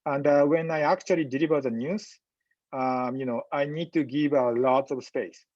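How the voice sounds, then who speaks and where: A man giving a medical lecture in a webinar, speaking in a halting, measured way with frequent pauses and fillers. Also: mid-range voice, steady tone, no room sound, highs cut off. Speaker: physician lecturer.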